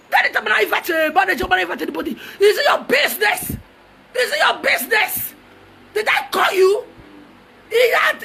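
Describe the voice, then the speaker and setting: A woman's voice: very high voice, vocal fry, pushed and bright. A Nigerian woman delivering a heated, taunting rant that switches between languages. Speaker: social media personality.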